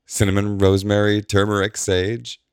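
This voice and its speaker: A man's voice: fairly low pitch, little pitch movement, moderate pace, clear, resonant tone, dry recording, clean studio sound, pitched above the performer's own voice, natural voice. A man voicing a frail, washed-out man who talks weakly and dully. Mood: soothing. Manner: weak, dull, soothing.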